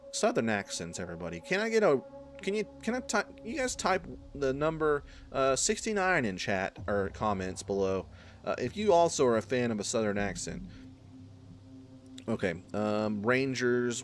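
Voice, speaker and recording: A man's voice: medium pitch, big pitch swings, normal speed, slight background noise. A man commenting on a playthrough in a profane, joking way as the gaming host. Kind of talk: let's play commentary.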